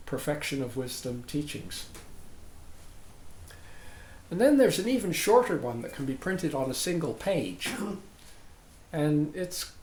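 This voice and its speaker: A man's voice: on the high side, a little mellow. A man giving an informal dharma talk to a group, chatty and digressive, often checking in with "right?". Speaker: dharma teacher. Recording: roomy sound with faint background noise.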